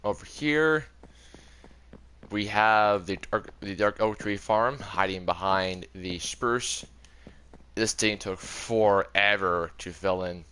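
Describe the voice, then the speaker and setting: A man's voice: fairly low pitch, slow, sharp tone, clean tone. A young man giving a casual, rambling tour of his game world, often correcting himself as he goes. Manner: rambling, chatty, self-correcting. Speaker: gaming video creator.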